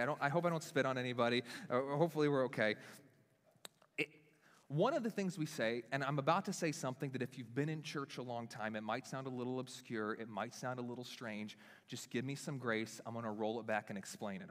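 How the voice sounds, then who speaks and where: A young adult male pastor preaching a sermon, staging a live demonstration with volunteers, animated and self-deprecating in a casual way. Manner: animated, self-deprecating, talks with lively pitch swings. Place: church hall. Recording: long reverb of a church hall.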